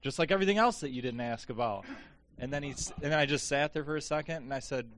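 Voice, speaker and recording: A man's voice: on the high side, quick pace, a bit bright. A man in casual chat, rambling through a workplace story with lots of fillers.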